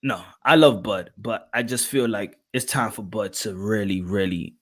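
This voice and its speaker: A man's voice: lowish voice, moderate pace, a bit bright. A man hosting a casual boxing livestream, reading out chat and posing rhetorical questions, often repeating himself. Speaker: boxing show host.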